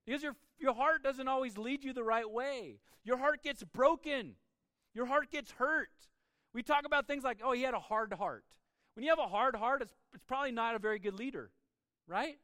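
A man preaching a sermon as pastor, emphatic, with his voice swinging between soft and loud. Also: extremely high pitch, fairly quick, dry recording.

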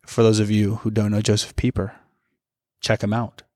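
A man's voice: fairly low pitch, completely flat delivery, normal speed, darkish tone, no room sound, studio quality. Reflective young man musing candidly. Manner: reflective, candid, loosely rambling. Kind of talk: casual faith discussion.

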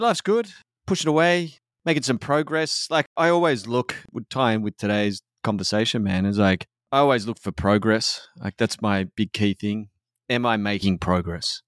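A man's voice: lowish voice, moderate pace, no room sound, clean studio sound. An Australian man talking candidly and casually on a podcast, swearing freely and calling his co-host "man" and "mate".

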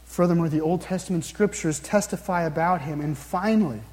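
A man preaching a sermon, earnestly posing questions to his listeners and slowing down to read scripture aloud. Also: on the high side, a little mellow. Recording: long reverb, hall-like.

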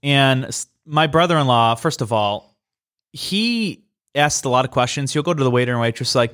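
A young adult man on a casual podcast, telling an animated, exasperated story and laughing often. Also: medium pitch, a little fast. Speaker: podcast co-host.

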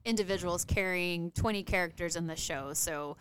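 A woman co-hosting a casual podcast chat, cheery and animated. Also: on the low side, moderate pace, slight background noise. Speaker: podcast co-host.

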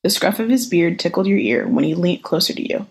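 Woman, low gravelly voice, husky, even unhurried storytelling, video call. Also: low-quality recording. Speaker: podcast co-host. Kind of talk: reading a fan story aloud, then casual chat.

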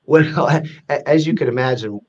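A man's voice: mid-range voice, normal speed, lo-fi sound. A man in a casual interview, earnestly explaining a ratings database with many restarts. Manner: earnest, explanatory, with frequent restarts and acted-out example quotes. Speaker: guest explaining a corporate risk rating database.

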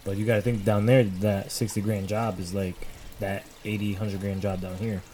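A man's voice: fairly low pitch, level tone, moderate pace, warm tone, slight background noise. A man chatting casually as a podcast co-host, easygoing, with short replies and hedged takes. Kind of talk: casual chat.

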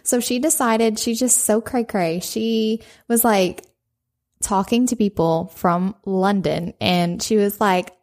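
A woman co-hosting a podcast, chatting casually and telling lively stories, acting out what people said. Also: medium pitch, takes it slowly. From United States. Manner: animated storyteller who acts out quotes. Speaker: podcast co-host. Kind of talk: casual chat.

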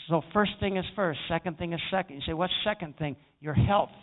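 Male pastor, storytelling sermon with emphatic swells, somewhat high voice, lo-fi phone sound. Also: brisk. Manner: storytelling preacher, rising to emphatic peaks.

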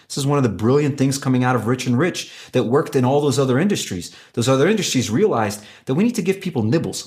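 A man who is a company executive, pitching his product in an animated, emphatic way with frequent restarts. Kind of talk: conversational business pitch.

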